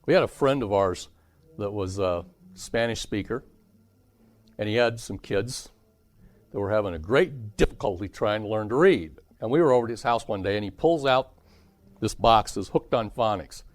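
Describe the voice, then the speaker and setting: Animated man teaching a seminar. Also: lowish voice, moderate pace. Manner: animated, asks the audience questions. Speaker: teacher leading a parenting seminar. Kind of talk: seminar talk to a live audience.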